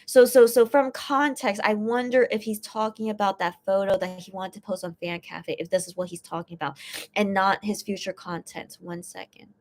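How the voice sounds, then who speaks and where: A woman's voice: mid-range voice, steady tone, normal speed. Rambling woman host, casual stream talk. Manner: rambling with many restarts and fillers; gets teary and emotional while reading. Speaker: fan channel host translating posts. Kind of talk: casual live-stream chat.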